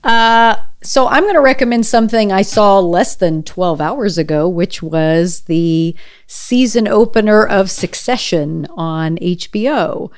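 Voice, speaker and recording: A woman chatting casually on a podcast, recommending a show in a thoughtful, measured way. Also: medium pitch. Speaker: podcast co-host. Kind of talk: casual chat.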